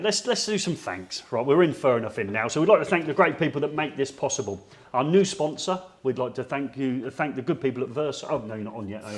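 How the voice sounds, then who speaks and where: A man hosting a live stream, chatting casually and teasing his co-hosts with jokes. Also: medium pitch. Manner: jokey, teasing banter.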